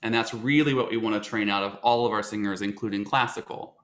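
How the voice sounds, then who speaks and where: Bright-voiced male voice teacher lecturing. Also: lowish voice, steady tone, fast talker, reverberant. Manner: explanatory, with frequent fillers and restarts.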